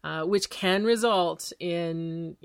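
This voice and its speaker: A chatty woman hosts a small business podcast and gives advice at a brisk clip. Her voice sits a little low for a woman. The sound is close and dry, with no room echo. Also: smooth. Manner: lively, chatty, quick-talking with laughs.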